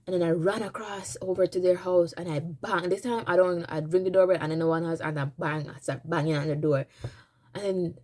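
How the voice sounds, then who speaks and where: Low, mellow woman telling a story. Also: steady tone, fairly quick. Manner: dramatic, rambling, many restarts. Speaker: vlogger. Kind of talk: storytime vlog, casual retelling.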